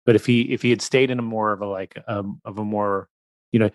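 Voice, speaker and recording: A man's voice: fairly low pitch, steady tone, a little fast, dry recording. A man hosting a casual podcast interview, reasoning aloud in a conversational way. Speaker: podcast host.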